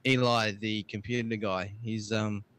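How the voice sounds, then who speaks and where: A man's voice: on the low side, little pitch movement, a little slow, a bit bright, a little hiss or hum. A young man co-hosting a tech podcast, easygoing and full of fillers, reading dates out carefully. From Australia. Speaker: podcast co-host. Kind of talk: casual chat, reading notes.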